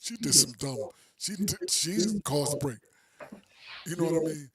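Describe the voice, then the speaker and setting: A man on a podcast, spinning a story in relaxed, slangy talk. He drops into quick voices for the people he quotes, then comes back to his own easy chat. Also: a little high, over a noisy crowd. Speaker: podcast co-host.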